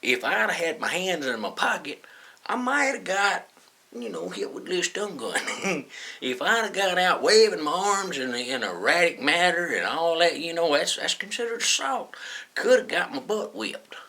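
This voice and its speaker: A man with a drawl tells a story in a lively, rising and falling voice. His tone is bright and forward. He talks in an easygoing, folksy way and chuckles along. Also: sits high, normal speed, creaky. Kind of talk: casual anecdote told to camera.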